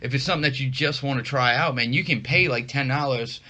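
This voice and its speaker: A man's voice: mid-range voice, quick pace, pushed and bright. A man co-hosting a casual podcast chat, rambling with lots of restarts and fillers. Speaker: podcast co-host.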